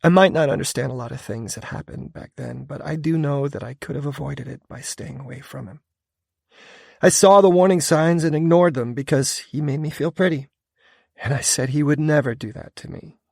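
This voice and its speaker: Man voicing a young woman, wounded, pleading, stubborn, audiobook, pitched high, husky edge. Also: normal speed, no echo, studio quality. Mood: tearful. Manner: pleading and anguished, rising to yells. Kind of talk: audiobook character voice.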